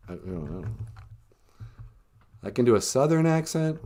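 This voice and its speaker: A man's voice: mid-range voice, lively intonation, a little fast, pauses often, dark tone. A man hosting a live-streamed podcast, rambling and joking with lots of laughs. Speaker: podcast host. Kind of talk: live-streamed comic chat.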